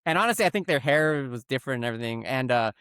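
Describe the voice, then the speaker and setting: A man co-hosting a comedy podcast, telling a long story in an animated, rambling, profane way. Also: mid-range voice, very fast, clear, resonant tone, no room sound, clean studio sound. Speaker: podcast co-host.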